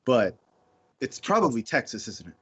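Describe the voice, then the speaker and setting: A man co-hosting a casual movie-riff chat, cracking wry jokes in a husky voice. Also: mid-range voice, normal speed, highs cut off. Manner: wry, joking, animated. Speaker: podcast co-host.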